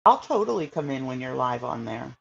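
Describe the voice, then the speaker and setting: A woman's voice: very deep voice, very animated, fairly quick, vocal fry. A woman hosts a laid-back livestream and talks straight to her viewers. Her talk rambles and loops, full of fillers. The audio is dull and lo-fi. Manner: chatty and rambling, with many fillers. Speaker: livestream host. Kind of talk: casual livestream chat reacting to viewers.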